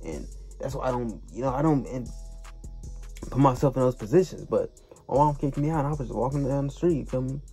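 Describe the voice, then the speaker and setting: Husky young man telling a story. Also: medium pitch, animated, fairly quick, warm tone, faint music behind. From Chicago. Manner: slangy, loose, repeats "you feel me". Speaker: storytime vlogger. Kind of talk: casual storytelling to camera.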